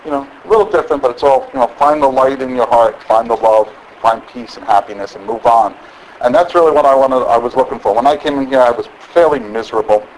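A man's voice: mid-range voice, a little hiss or hum, poor audio. A middle-aged man candidly sharing his story at a support meeting, rambling with many restarts. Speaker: member sharing at a recovery meeting. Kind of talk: personal share at a support meeting. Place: meeting room.

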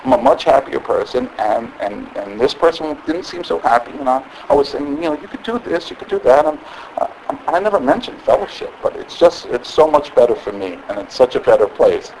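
A man's voice: mid-range voice, big pitch swings, fairly quick, gravelly, few pauses, a little mellow, low-quality recording. Middle-aged man, candid personal share, rambling with restarts, support-group meeting room, faint background noise. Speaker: member sharing at a recovery meeting.

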